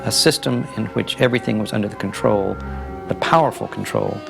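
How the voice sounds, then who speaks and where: A man's voice: lowish voice, a little fast, gravelly, over music. A man giving a reflective documentary interview about the old film industry. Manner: reflective, thoughtful explanation.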